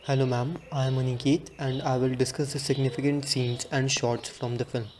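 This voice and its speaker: A man presents to his class, reading his notes aloud in a steady, earnest way. His voice is mellow and relaxed, with a middling pitch. He sounds like a student working through his part of a presentation. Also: a little fast, a little hiss or hum.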